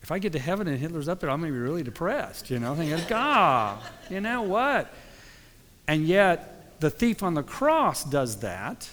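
A man giving a sermon in a relaxed, conversational way, breaking into quoted voices as he tells the story. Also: a little high, fairly quick, a little hiss or hum. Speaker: pastor. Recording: long hall reverb.

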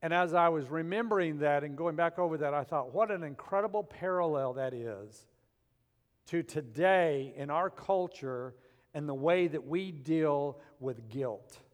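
A male pastor delivering a sermon in a church, preaching with animation and dramatic swings between loud and quiet. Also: fairly high pitch, unhurried. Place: church sanctuary. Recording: long church hall reverb.

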